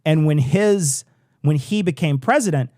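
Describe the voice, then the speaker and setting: This is a man from Illinois co-hosting a casual political livestream. He jokes around, laughs easily and talks in quick bursts. His voice sits a bit high and swings widely in pitch. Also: animated, warm tone, no echo, studio quality. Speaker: livestream co-host.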